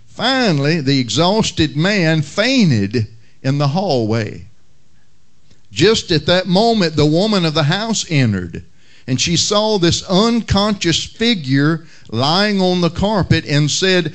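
A male pastor praying and preaching a sermon in a measured, unhurried way, with occasional fillers. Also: fairly high pitch, big pitch swings. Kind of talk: sermon with prayer and humorous story.

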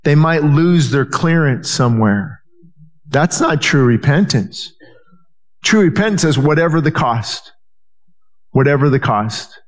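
A man's voice: on the high side, lively intonation, measured pace, pauses often. A man preaching a sermon as pastor, earnest and repetitive, often restarting his phrases and acting out the people he quotes.

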